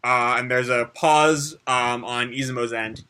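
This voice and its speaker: A man's voice: medium pitch, steady tone, measured pace, bright, forceful tone, a little hiss or hum. A man hosting a casual live reaction to a manga chapter. He recaps chattily with many fillers and asides, and reads the characters' dialogue aloud.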